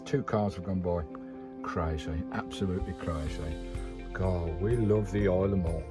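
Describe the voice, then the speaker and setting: A man from the UK talks to his camera outdoors, breathless from climbing, his voice climbing high as he exclaims over and over. Background music plays under his words. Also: moderate pace, rough recording. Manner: exclamatory and enthusiastic, lots of "wow"; relaxed, rambling chat with fillers. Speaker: vanlife vlogger. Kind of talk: casual vlog commentary.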